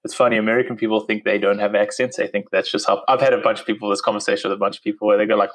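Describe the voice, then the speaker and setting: A man's voice: fairly low pitch, little pitch movement, rapid-fire, few pauses, poor audio. A man in his thirties with a South African accent, chatting casually as an interview guest and laughing easily. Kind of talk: casual conversation.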